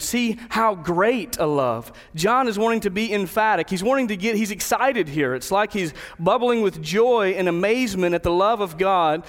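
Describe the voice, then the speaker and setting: A man preaching a sermon, telling a personal story and then slowing down to stress key words of a Bible verse. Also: sits high, long reverb tail. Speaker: pastor.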